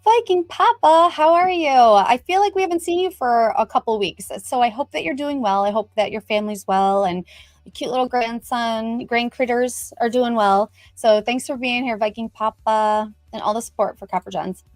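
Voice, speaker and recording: A woman's voice: a little high, normal speed, a little mellow, no echo, faint music behind. A middle-aged woman hosting a casual livestream, talking with lots of fillers and greeting viewers by name. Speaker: livestream host.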